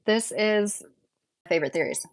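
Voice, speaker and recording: A woman's voice: medium pitch, animated, moderate pace, no room sound. A woman with a Midwestern American accent hosting a casual livestream, rambling and answering viewer comments with lots of fillers. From United States. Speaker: livestream host.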